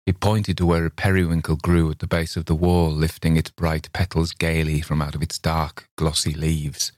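A man narrating a classic short story in a measured, steady reading voice. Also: a bass voice, no room sound, clean studio sound. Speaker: reader. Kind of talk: audiobook narration.

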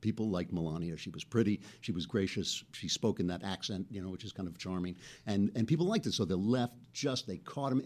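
A man hosting a casual political commentary show, talking in an animated, chatty way and laughing between points. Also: medium pitch. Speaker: host.

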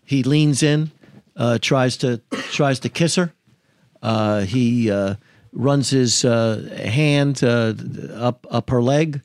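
A man, an attorney, recounting a case in a podcast interview, halting and full of filler sounds. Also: medium pitch, a little mellow, smooth, dry recording, studio quality.

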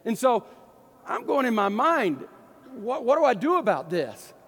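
A man from East Texas with an East Texas accent, a pastor telling a story in a folksy, animated sermon. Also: extremely high pitch, unhurried, husky, long reverb tail. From East Texas, USA.

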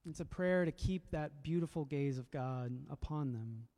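A man's voice: fairly high pitch, normal speed, mellow. A man preaching a sermon as a pastor, reflective and conversational, often repeating words as he goes.

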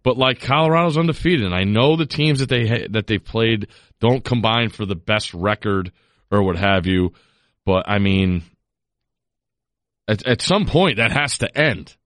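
A man co-hosting a sports betting podcast, rambling and chatty with quick restarts. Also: no room sound, studio quality. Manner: rambling, quick restarts, lively rises in pitch when making a point. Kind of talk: casual sports betting chat.

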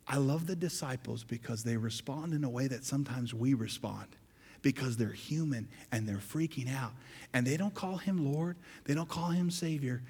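Man preaching, high voice, reverberant church hall, dynamic delivery from loud to hushed. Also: husky. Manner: dynamic preaching, swinging between loud bursts and hushed low passages. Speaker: pastor. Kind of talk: sermon.

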